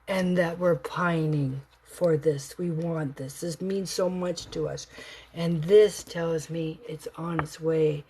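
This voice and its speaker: Woman, tarot reader, live card reading, expressive, sometimes whispering, lowish voice. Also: breathy edge. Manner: expressive, swings from excited to hushed whispers.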